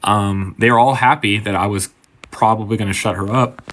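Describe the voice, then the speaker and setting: A man's voice: lowish voice, steady tone, moderate pace, fairly bright tone. A man who works as a bartender, telling a story in a loose, conversational way, swearing and acting out the quotes. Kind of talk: casual storytime.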